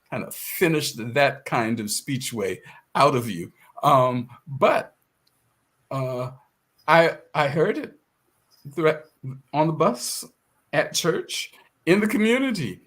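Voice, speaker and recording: An older man from the South Carolina Sea Islands, speaking in a measured, thoughtful way in an interview. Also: mid-range voice, a bit bright. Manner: measured, thoughtful, with hesitant restarts. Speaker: guest author. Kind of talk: reflective interview conversation.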